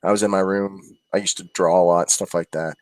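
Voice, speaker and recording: Low-voiced man in earnest chat. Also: level tone, fairly quick, dry recording. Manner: earnest, hesitant personal storytelling. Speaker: podcast co-host. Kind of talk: casual chat. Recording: dry close sound.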